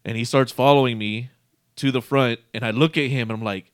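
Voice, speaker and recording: A man's voice: medium pitch, fairly quick, smooth, no echo, clean studio sound. A man casually telling a rambling, profane story, often breaking into laughter. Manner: profane, laughing, animated retelling.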